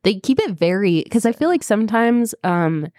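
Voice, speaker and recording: A woman's voice: mid-range voice, sing-song, moderate pace, darkish tone, no room sound, clean studio sound. A woman co-hosting a book podcast, talking in a chatty, filler-heavy way as she retells scenes. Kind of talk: casual book club chat.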